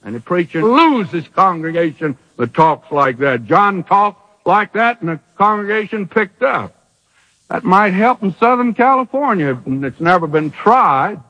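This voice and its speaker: A man preaching a sermon with emphatic rhetorical questions and dramatic pauses, from an old radio broadcast. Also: high voice, animated, sharp tone, in a large hall, lo-fi sound.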